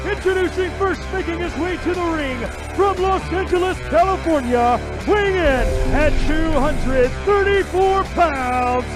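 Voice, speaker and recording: A booming ring announcer with a high voice, stretching each word out slowly for effect. Loud entrance music plays behind him. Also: male voice. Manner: drawn-out, booming.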